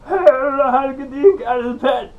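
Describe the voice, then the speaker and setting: A man putting on the strangled, squawking voice of an exasperated male judge, pitched well above his own voice. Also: fast, phone-quality sound. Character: strained, yelping man playing a cranky judge.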